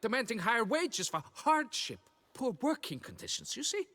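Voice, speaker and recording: Game role: shrill, excitable, penny-pinching foreman, fussy and wheedling. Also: moderate pace, exaggerated voice. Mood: anxious. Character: flustered, stingy middle-aged male quarry foreman. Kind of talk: video game dialogue.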